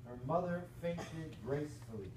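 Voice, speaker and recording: A male professor reading a storybook aloud to a class with animated, playful asides. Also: a little high, normal speed. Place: lecture hall. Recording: echoey lecture hall from far off, noisy.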